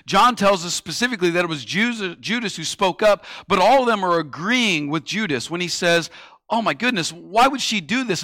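A man preaching a sermon with passion, slowing down to stress key words and acting out the voices of critics. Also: sits high, bright, forceful tone, no room sound, studio quality. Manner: acts out quoted critics in a mocking tone. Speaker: pastor.

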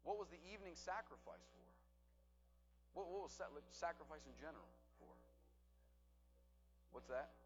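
A man's voice: a little high, animated, normal speed, pauses often, faint music behind, low-quality recording. A man teaching a Bible study to a group, asking them questions and repeating back their answers.

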